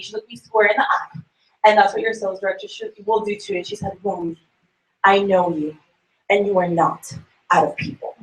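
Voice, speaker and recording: A woman telling a sales story to a group. She talks in a lively way, acts out quoted voices and laughs often. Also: mid-range voice, echoey room, low-quality recording. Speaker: sales consultant sharing a tip. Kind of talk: animated storytelling talk.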